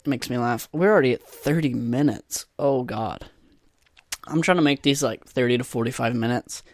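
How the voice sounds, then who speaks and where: A young man talks alone into a podcast microphone, rambling loosely and cracking crude, self-deprecating jokes. His voice sits at an ordinary middle pitch. The sound is dry and close, with no room around it. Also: moderate pace, no room sound. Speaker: podcast host. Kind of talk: solo casual podcast monologue.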